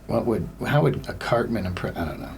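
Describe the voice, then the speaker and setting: A man's voice: on the low side, expressive, a little fast, creaky, darkish tone, slight background noise. A young man hosting a casual solo comedy podcast, rambling and self-deprecating, with lots of filler words.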